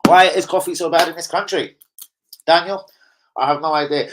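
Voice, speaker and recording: Young man, slightly high voice, loose sweary livestream host chatting football and reading shout-outs. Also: moderate pace, pauses often, poor audio. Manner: swears freely, rambling banter, reads chat shout-outs. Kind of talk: casual livestream chat.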